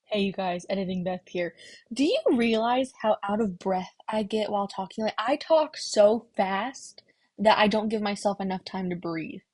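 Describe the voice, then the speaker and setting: A young woman talking fast in a casual aside, teasing herself about her own speech. Her voice is a little husky, and the sound is close and dry with no room around it. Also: mid-range voice, a little mellow, no room sound. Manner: fast-talking, self-deprecating. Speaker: podcast host, editing aside. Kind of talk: casual chat.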